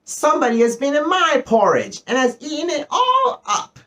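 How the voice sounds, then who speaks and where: A man voicing a tiny young male bear in a sharp, shrill, squeaky storybook voice. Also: huge pitch swings, normal speed, recorded from a distance, heavily acted. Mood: indignant.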